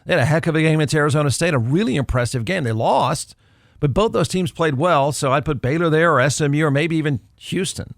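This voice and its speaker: A man's voice: a little high, quick pace, dry recording, clean studio sound. A man hosting a podcast, giving snarky, conversational college football commentary and repeating himself for emphasis. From Texas. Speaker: podcast host. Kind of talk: solo sports commentary.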